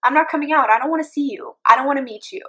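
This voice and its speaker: A woman voicing a sixteen-year-old girl who rants quickly in exasperation. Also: high voice, fairly bright tone. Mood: exasperated. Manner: exasperated, rapid.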